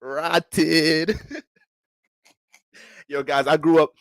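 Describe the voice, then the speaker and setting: A man's voice: medium pitch, normal speed, dry recording, studio quality. Slangy New man on a livestream. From Bronx, New York. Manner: loose, slangy, animated storytelling. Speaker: astrologer hosting a livestream. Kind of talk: casual livestream chat.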